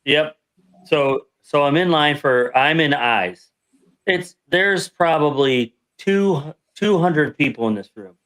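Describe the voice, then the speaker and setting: A man's voice: a little high, animated, takes it slowly, fairly bright tone. A man on a podcast telling a rambling story about his army training, correcting himself as he goes and acting out the people he quotes. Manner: rambling, self-correcting anecdote with acted-out quotes. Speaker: podcast guest veteran. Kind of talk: casual storytelling.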